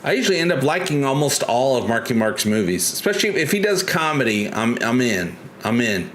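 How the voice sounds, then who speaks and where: A man's voice: medium pitch, sing-song, fairly quick, a bit bright, a little hiss or hum. A man hosting a casual live stream, chatty and joking, who rambles and restarts his sentences often. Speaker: livestream host.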